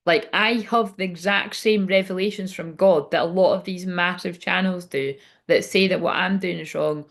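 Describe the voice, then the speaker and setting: Woman doing a tarot reading, chatty and rambly, swears a lot. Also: on the low side. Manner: rambling, swears freely, digresses. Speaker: tarot reader.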